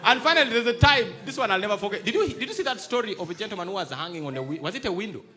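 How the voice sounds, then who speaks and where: A Ugandan man with a high, very animated voice performs stand-up in a live theatre. He speaks with a Ugandan English accent, jumping from high to low as he acts out scenes. Loud audience laughter and room noise surround him. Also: racing, a faint crowd. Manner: animated storytelling, acting out voices. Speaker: stand-up comedian. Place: large theatre stage before a live audience.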